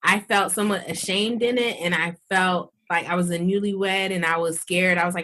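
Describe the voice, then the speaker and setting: A woman's voice: medium pitch, steady tone, normal speed, sharp tone. A woman surgeon as a podcast guest, telling her story candidly and with animation, using casual slang. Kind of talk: conversational podcast interview.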